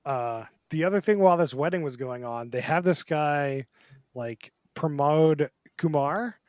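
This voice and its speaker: Podcast dude chatting loose, slightly high voice, dry close mic. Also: male voice, a little slow, darkish tone, no room sound. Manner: chatty, acts out quotes in put-on voices. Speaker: podcast co-host. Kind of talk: casual panel chat.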